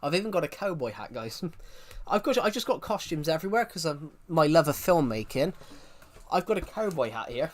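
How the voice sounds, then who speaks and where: A man's voice: on the high side, big pitch swings, a little fast. A man chatting casually on his livestream, rambling and often restarting his sentences.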